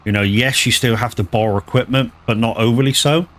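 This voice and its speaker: A man's voice: medium pitch, fairly even intonation, fairly quick, a bit bright. A man chatting casually on a live gaming stream, rambling, stumbling over words and swearing freely. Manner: rambling, swears freely, lots of restarts and stammers.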